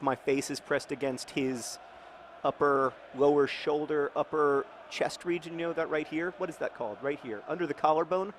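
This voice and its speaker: A man in his thirties hosting a game video in casual commentary, rambling and jokey, with sudden shouted outbursts. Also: a little high, slight background noise. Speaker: game host.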